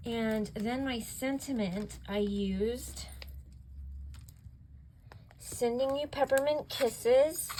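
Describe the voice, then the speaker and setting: Slow-talking gushing craft host woman. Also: medium pitch, darkish tone, a little hiss or hum, low-quality recording. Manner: gushing, keeps asking if it's cute. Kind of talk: craft project show-and-tell.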